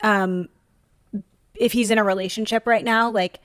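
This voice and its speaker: A woman therapist co-hosting a casual podcast chat, thoughtful and analytical in a measured way. Her voice sits at an ordinary pitch and sounds dry and close, with no room echo. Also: fairly even intonation, clear, resonant tone.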